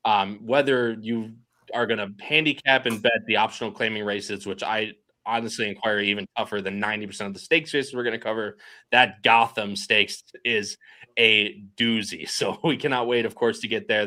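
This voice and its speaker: A man hosting a casual racing podcast, chatty and quick to laugh as he reads out the live chat. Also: lowish voice, pushed and bright. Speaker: podcast host.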